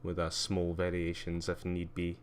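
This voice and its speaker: A man's voice: deep voice, completely flat delivery, normal speed, slight background noise. A man giving a casual live-stream tour, rambling with lots of ums and uhs and wry asides. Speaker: livestreamer.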